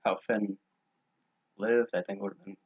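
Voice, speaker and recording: A young man co-hosting a podcast, chatting casually with short, dry, low-key replies. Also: fairly even intonation, measured pace, darkish tone, husky. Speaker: podcast co-host. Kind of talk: casual chat. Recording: dull lo-fi podcast audio.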